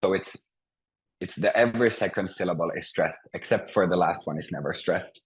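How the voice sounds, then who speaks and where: A man teaching a language class over a video call, speaking patiently with many pauses and restarts. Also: low-pitched, rough recording. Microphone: computer mic on a video call.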